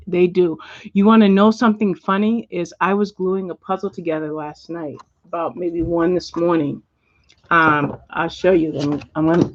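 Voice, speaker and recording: A middle-aged woman hosting a casual livestream, chatting and reading viewer comments out loud at home. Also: lowish voice. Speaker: livestream host. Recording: dull lo-fi dry sound.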